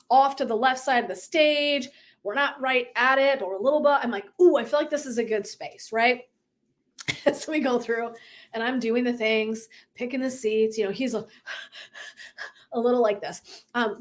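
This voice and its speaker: A middle-aged woman wellness coach chatting casually on a live stream, telling a story with frequent laughter. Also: a little high. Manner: bubbly, laughing often, animated storytelling. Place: indoors at home, seated in a chair.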